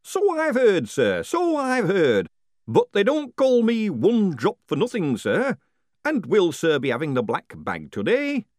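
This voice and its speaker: A man plays a jolly executioner who keeps saying "sir", in a high, bouncy voice that leaps up and down. The audiobook sound is close and dry. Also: huge pitch swings, a little slow, a little mellow, no room sound, exaggerated voice. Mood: chirpy. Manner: chirpy, overly courteous. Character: cheerful polite male executioner.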